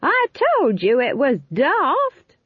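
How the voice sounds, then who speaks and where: A woman voicing an old witch on a broomstick, shouting in a high, drawn-out voice. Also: huge pitch swings, dry recording, exaggerated voice. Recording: tinny phone-like sound.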